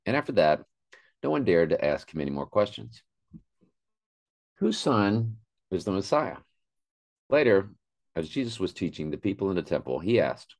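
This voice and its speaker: A man's voice: deep voice, very animated, brisk, pauses often, darkish tone. A man leading a Bible study, reading scripture aloud and breaking off to comment plainly. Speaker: Bible teacher.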